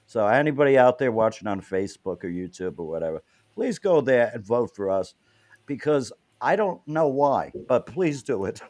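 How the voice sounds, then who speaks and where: A man's voice: medium pitch, big pitch swings, normal speed, darkish tone. A man hosting an interview show, playful and loose in casual chat. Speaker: host.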